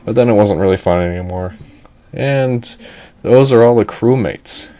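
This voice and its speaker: A young man with a lowish voice narrates a comedic animated story at an unhurried pace. He rambles and jokes, interrupting himself with asides.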